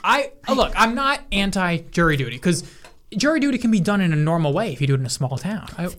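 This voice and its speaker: A man co-hosting a podcast in casual chat, throwing in quick, wry, blunt remarks. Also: sits high, sing-song, a bit bright. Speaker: podcast co-host.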